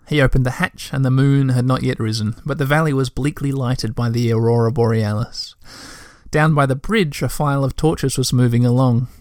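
A man's voice: mid-range voice, darkish tone, no room sound, clean studio sound. A man reading a children's book aloud, breaking off for chatty asides to listeners. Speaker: reader.

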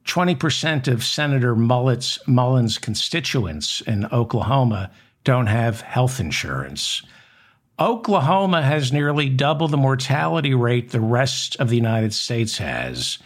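Male host for a satirical news monologue; sardonic, unhurried, lively pitch swings. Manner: sardonic, mocking, deliberate emphasis. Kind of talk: satirical political commentary monologue.

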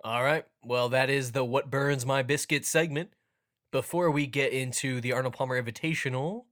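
A man's voice: medium pitch, normal speed, fairly bright tone. A young man hosting a casual sports podcast, joking around and playing up a mock ad read. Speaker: podcast host.

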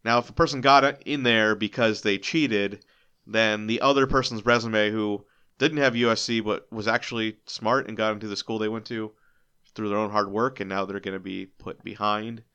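A man's voice: lowish voice, steady tone, moderate pace, pushed and bright, clean tone, highs cut off. A man co-hosting a podcast in casual chat, earnestly arguing his point with frequent restarts. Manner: earnest, argumentative, restarts often. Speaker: podcast co-host.

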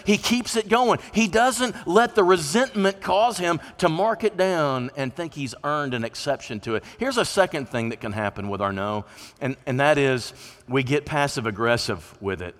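A man delivers a sermon in a folksy, conversational manner, now and then acting out the voices of people he quotes. His voice sits a bit high for a man. A long reverb from the church hall trails behind his words. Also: normal speed, a bit bright. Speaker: preacher. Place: church sanctuary.

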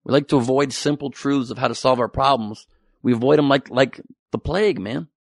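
A male comedian works through a sarcastic, profane stand-up routine, rambling from point to point. His voice has a gravelly edge at a mid pitch. The sound is dry and close, with little room tone. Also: brisk, no echo.

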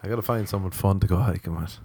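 Young male podcast host, meandering jokey monologue, low and mellow. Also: fast, husky, no room sound. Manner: self-mocking, meandering, swears casually. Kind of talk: rambling comedic monologue.

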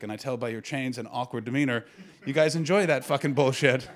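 A man's voice: medium pitch, fairly even intonation. A man in his thirties from Canada, hosting a live improvised comedy podcast and doing crowd work in a small room, riffing brashly with lots of swearing. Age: 30s. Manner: brash, profane, rapid riffing that bursts into shouting.

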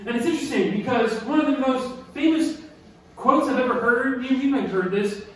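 A man preaching a sermon, animated and emphatic, who repeats key lines and asks his listeners questions. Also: very high-pitched, brisk. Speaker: pastor. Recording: echoey hall from far off with faint noise.

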